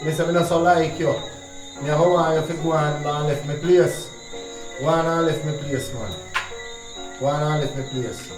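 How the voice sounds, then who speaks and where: A man's voice: on the high side, fairly even intonation, moderate pace, pauses often, lightly acted. An actor with a Jamaican accent playing a stern, protective Rastafarian father who lectures insistently. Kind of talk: film drama dialogue in patois. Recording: echoey room with music behind.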